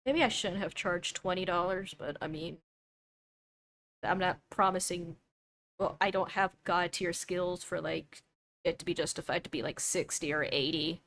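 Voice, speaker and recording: A woman's voice: on the low side, fairly even intonation, normal speed, a bit bright. A young woman streamer chatting casually while she draws, thinking aloud and doubting herself as she goes. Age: young adult.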